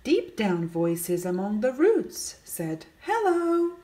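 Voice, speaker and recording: Speaking slowly in a mellow, sing-song mid-range voice, a woman reads a picture book to young children. She poses questions to her listeners and calls out the greetings the characters give.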